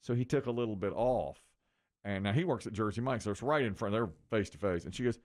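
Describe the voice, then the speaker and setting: A man's voice: fairly low pitch, a little fast, a little mellow. A middle-aged man hosting a morning radio show, telling a story casually and swinging his voice for the people he quotes.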